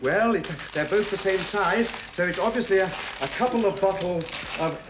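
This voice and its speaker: A man's voice: sits high, moderate pace. A man playing a father in a sitcom, blustering and good-humoured, given to chuckling. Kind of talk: sitcom acting. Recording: noisy echoey old TV sitcom recording.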